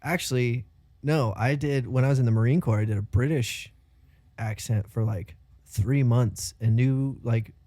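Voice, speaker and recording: Young american guy on a podcast, easygoing and jokey, mid-pitched voice. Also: warm tone. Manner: laid-back, joking, quick to laugh. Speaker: podcast co-host. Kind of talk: casual chat.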